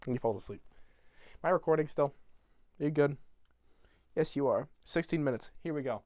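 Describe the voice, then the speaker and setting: Young male YouTuber, high-ish voice, profane rambling retelling, dead-dry room. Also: brisk, darkish tone, no echo. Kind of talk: rambling retelling of a film from memory.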